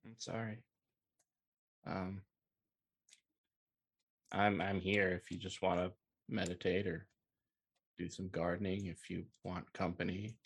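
Guy doing a shy awkward dude in a tabletop game, real low husky voice, keeps stumbling. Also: little pitch movement, exaggerated voice. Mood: hesitant. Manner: hesitant, halting, self-conscious. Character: awkward guarded young man, kind. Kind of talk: actual-play role-play.

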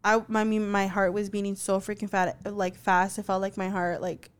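Young woman, podcast co-host, casual storytelling, smooth clear voice, swears freely. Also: medium pitch, level tone, moderate pace. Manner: chatty, full of "like" fillers, swears freely.

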